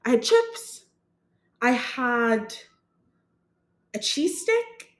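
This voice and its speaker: A woman's voice: a little high, extremely slow. Chatty young woman with roomy echo. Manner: chatty, animated, self-mocking, laughs often. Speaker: podcast host. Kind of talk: casual storytelling monologue.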